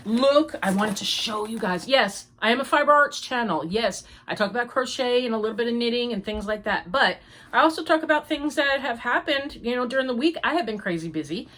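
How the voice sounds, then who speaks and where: A woman's voice: fairly high pitch, lively intonation, a little fast, a bit bright. An older American woman, rambling chattily as she hosts a crafting podcast. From United States. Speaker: podcast host. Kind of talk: casual chat.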